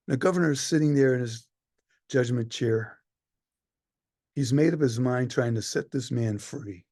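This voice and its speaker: A man performing a one-man play as a weary Roman centurion, telling the story in a dramatic monologue that swings from hushed to loud. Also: mid-range voice, normal speed, long pauses, no room sound, clean studio sound.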